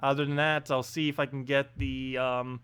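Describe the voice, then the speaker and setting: A man's voice: mid-range voice, little pitch movement, moderate pace, a bit bright, smooth. A man streaming a game live, chatting casually and playfully, often breaking into laughter. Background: game music.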